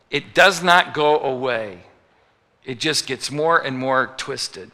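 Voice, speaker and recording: In a large hall with long, trailing reverb, a pastor preaches a sermon, trading jokes with the congregation and acting out small voices for those he quotes. He has a fairly high, bright voice with a forceful tone.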